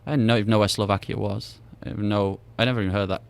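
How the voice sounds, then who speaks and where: A man's voice: lowish voice, fairly even intonation, racing, gravelly, smooth. A young British man chatting as a podcast guest. He rambles through anecdotes, stumbles and restarts, and acts out each person's lines himself. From Britain. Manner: rambling storyteller who acts out dialogue with repeated restarts. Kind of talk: casual chat.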